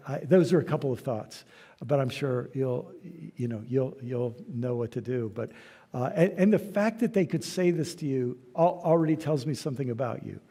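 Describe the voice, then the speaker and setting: A man speaking as a guest lecturer, answering questions and telling stories in a relaxed, conversational way in a church hall. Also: medium pitch, slightly rough. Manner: conversational storytelling, soft trailing endings. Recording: hall reverb.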